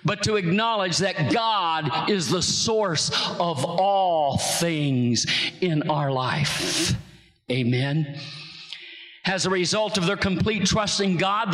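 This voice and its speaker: A man preaching a sermon as pastor, moving from slow, low musing to shouted exclamations. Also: echoey room, in a large hall, rough recording.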